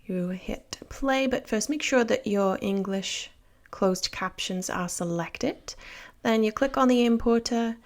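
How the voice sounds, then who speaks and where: Welsh woman, English teacher, cheerful chatty delivery, gravelly voice. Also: a little high, measured pace. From Wales. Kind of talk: scripted lesson to camera.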